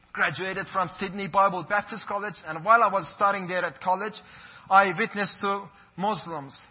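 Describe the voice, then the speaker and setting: Man, husky and high, giving a fervent testimony on a dull lo-fi recording. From Iran. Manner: earnest, fervent, preacherly. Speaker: pastor giving his testimony. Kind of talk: impassioned personal testimony.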